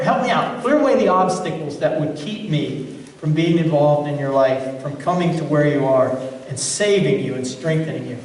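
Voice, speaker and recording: A man's voice: on the high side, a little mellow. A male pastor delivering a sermon in a church, earnest and emphatic, posing rhetorical questions to the congregation. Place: church sanctuary. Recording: echoey church hall, mic at a distance.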